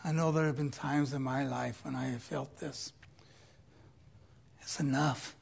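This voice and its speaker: A preacher retelling a Bible story in an animated way, with playful asides, swinging between loud emphasis and quiet reflection. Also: mid-range voice, moderate pace, creaky, breathy edge.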